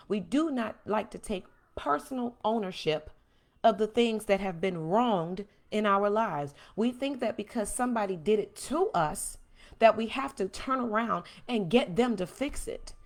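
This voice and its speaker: A woman hosting a podcast, giving a blunt, emphatic, preachy monologue that swings from calm to loud. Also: medium pitch, vocal fry. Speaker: podcast host. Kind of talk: impassioned monologue.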